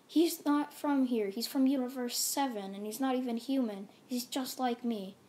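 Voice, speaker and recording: A woman's voice: a little high, normal speed, darkish tone, slight background noise, natural voice. A woman voicing a fierce, earnest young male hero, speaking up raised and urgent as she tells a fan story.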